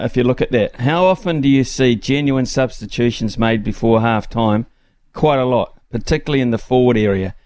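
A man with a New Zealand accent hosts a talkback radio show from the studio mic, his voice sitting in an ordinary middle pitch. He talks conversationally, stumbling through plenty of ums and restarts. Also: a little mellow, no echo.

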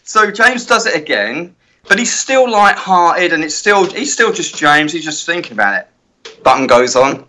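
A middle-aged man, a guitar tech, telling lively anecdotes in a casual interview and acting out other people's lines. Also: on the high side, moderate pace. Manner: animated anecdote-telling with many quoted voices.

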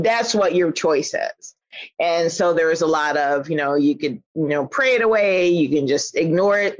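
A man co-hosting a casual chat show who gets excitable and breaks into high exclamations. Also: no echo. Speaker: podcast co-host. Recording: slightly dull lo-fi audio.

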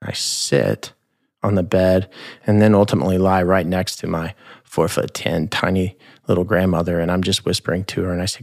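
A man in his thirties, a podcast host, telling a personal story in a measured, reflective, tender way. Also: low voice, fairly even intonation, vocal fry. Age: 30s.

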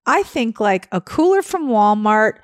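A woman co-hosting a podcast, chatting excitedly with many fillers about a trip. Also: on the high side, a little slow, no room sound, clean studio sound. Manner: chatty, gushing, lots of fillers. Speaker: podcast co-host. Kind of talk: casual travel chat.

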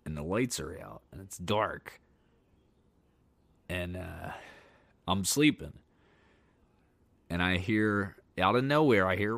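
A young man hosting a podcast, telling candid, profane stories about relationships in a casual monologue that gets animated when he relives a scare. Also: sits low, slow pace, gravelly, pauses often, dry recording. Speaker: podcast host.

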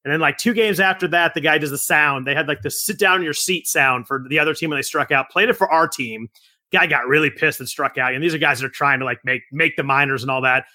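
A man appearing as a podcast guest, telling stories in a rapid, chatty, loose way. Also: fairly high pitch, pushed and bright, no echo, clean studio sound. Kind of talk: casual podcast chat.

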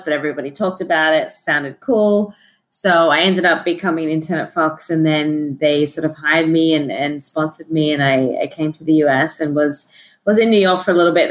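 Low-voiced Australian woman, chatty guest. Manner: relaxed and chatty, laughs easily. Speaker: guest journalist. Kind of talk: casual interview chat.

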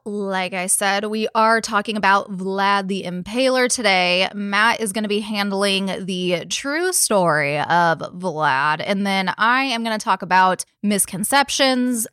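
A woman's voice: medium pitch, fairly bright tone, dry recording, clean studio sound. A young woman co-hosting a podcast, chatting loosely with lots of laughter, rambling asides and casual swearing. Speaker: podcast co-host.

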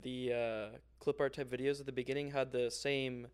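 A man's voice: medium pitch, flat delivery, brisk, clear, resonant tone. A man in casual chat, giving hesitant, laid-back answers.

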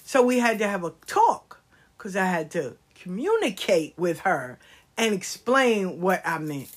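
A middle-aged woman telling comedic stories in a casual, animated way, swearing freely. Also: mid-range voice, unhurried, breathy edge. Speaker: storyteller.

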